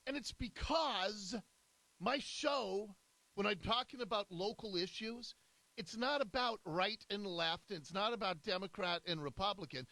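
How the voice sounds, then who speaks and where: A man's voice: sits high, unhurried, pushed and bright, no echo, rough recording. A man hosting a talk radio show, delivering an emphatic, indignant monologue from a studio.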